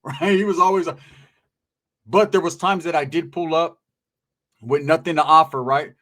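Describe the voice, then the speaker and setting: A man telling a profane comic story about an old friend, animated and acting out the people in it. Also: a little high, normal speed, long pauses. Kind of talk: comic anecdote.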